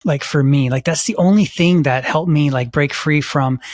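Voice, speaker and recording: A man's voice: fairly high pitch, normal speed, no echo, clean studio sound. A man co-hosting a podcast, chatty, with self-deprecating asides. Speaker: podcast co-host. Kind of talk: casual podcast talk.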